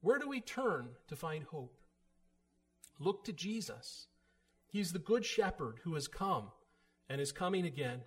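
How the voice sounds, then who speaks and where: A man's voice: fairly high pitch, very animated, a little slow, pauses often. A man preaching a sermon in an earnest, emphatic way, voice rising for emphasis.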